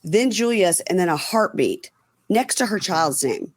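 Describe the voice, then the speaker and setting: A woman's voice: lowish voice, animated, measured pace. A woman co-hosting a podcast, casually recapping a reality show and acting out what people said. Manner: storytelling, often acts out quotes. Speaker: podcast co-host.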